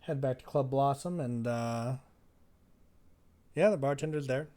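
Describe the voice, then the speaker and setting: A man running a tabletop game, laid-back and agreeable as he narrates. His voice sits at an ordinary middle pitch. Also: measured pace, dark tone. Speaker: game master.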